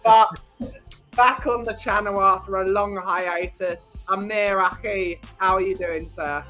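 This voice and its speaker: A man's voice: high-pitched, steady tone, a little slow, sharp tone, soft background music. A man hosting a casual podcast in a playful, jokey way. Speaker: host.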